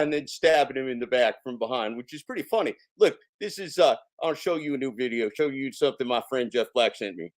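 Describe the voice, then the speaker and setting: A man's voice: medium pitch, expressive, a little fast, hardly any pauses. A man hosting a casual live stream, talking in a sarcastic, mocking and boastful way and swearing freely.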